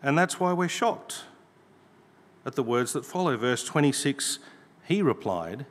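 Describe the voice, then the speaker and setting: A man's voice: mid-range voice, animated, measured pace, long pauses. A man preaching a sermon, reading scripture aloud with emphasis. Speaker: pastor. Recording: long hall reverb.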